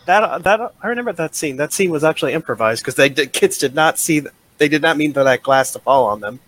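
A man's voice: fairly high pitch, animated, fast talker, fairly bright tone. A man speaking as a podcast guest, telling stories casually with jokes and frequent laughs. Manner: jokey, laughs a lot while telling stories. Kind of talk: casual chat.

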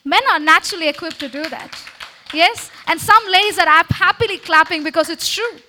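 Her voice is extremely high and sharp, fairly quick, with a little hiss or hum on the recording. Speaking at a church meeting through a handheld microphone, this woman exhorts the congregation in a sermon-style talk, repeatedly checking in with an "Okay?" call-and-response.

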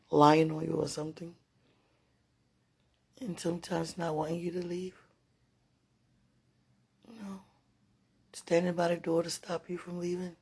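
A medium-pitched, slightly mellow voice with vocal fry carries a playful, teasing one-sided chat with a loved one in a home kitchen. Laughter comes often, and the recording sounds roomy from a distant mic, with faint background noise.

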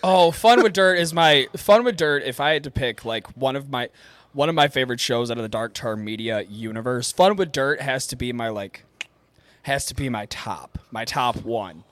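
A man's voice: mid-range voice, expressive, normal speed, a bit bright, no echo. A man from Michigan's Upper Peninsula with a Yooper accent, co-hosting a casual podcast in a joking, teasing, profane way. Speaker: podcast co-host, voice actor. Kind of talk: casual chat.

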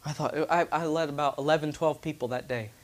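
Male preacher, animated storytelling, acts out voices, loud outbursts, church sermon. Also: a little high, fast talker. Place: church with congregation responding.

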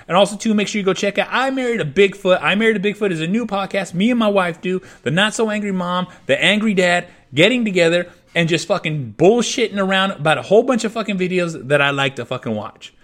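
High-voiced man ranting, swearing nonstop. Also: expressive, quick pace, a bit bright. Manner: profane, fuming, repetitive swearing. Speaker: podcast host. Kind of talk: angry rant monologue.

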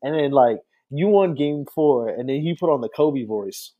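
A man co-hosting a casual sports talk show, trash-talking players in a rapid, profane, mocking way. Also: medium pitch, lively intonation, mellow. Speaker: podcast co-host.

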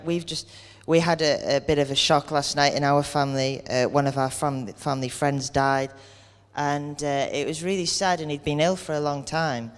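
A man's voice: on the high side, steady tone, normal speed. A man giving an earnest, conversational sermon, speaking candidly and acting out everyday complaints. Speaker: preacher. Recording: long hall reverb.

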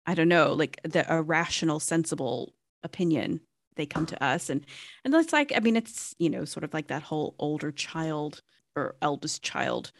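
A woman's voice: sits low, expressive, normal speed, slight background noise. A woman in her thirties co-hosting a podcast, talking in a rambling casual way with lots of fillers. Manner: rambling, many fillers and restarts. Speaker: podcast co-host. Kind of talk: casual chat.

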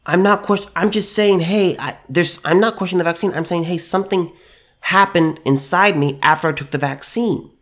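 A man's voice: high voice, normal speed, a bit bright. A man plays a nervous, pleading man who stammers out his worries. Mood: anxious pleading. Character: anxious man worried after his vaccine.

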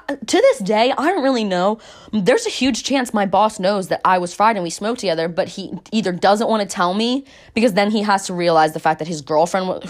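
Young woman telling a story in a chatty way. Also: medium pitch. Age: young adult. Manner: chatty and candid, peppered with "like" and swearing; acts out quoted voices in the retelling. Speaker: vlogger. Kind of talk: casual storytelling.

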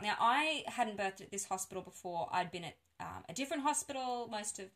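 Lively woman telling a story. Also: mid-range voice, brisk. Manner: animated, laughs often, acts out voices. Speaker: birth worker telling a story. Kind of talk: casual podcast storytelling.

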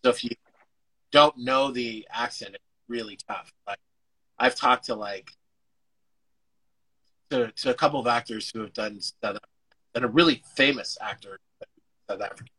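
A man's voice: mid-range voice, moderate pace, pauses often, bright, forceful tone, slightly rough, poor audio. A man, an actor guest, chatting casually over a video call, rambling and restarting his sentences, with the odd casual swear. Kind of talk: casual interview chat.

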